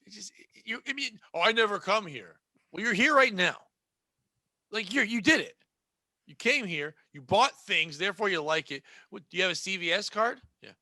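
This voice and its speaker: A man's voice: high voice, moderate pace, sharp tone, no echo. A man hosting a podcast, joking and swearing while acting out customer exchanges. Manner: joking, profane, acts out customers. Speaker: podcast host. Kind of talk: casual podcast chat.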